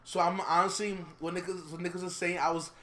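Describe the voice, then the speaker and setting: A man telling his side of a story in casual chat, halting and restarting, with lots of fillers. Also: high voice, little pitch movement, bright, forceful tone, slight background noise. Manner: halting, stammering, many fillers.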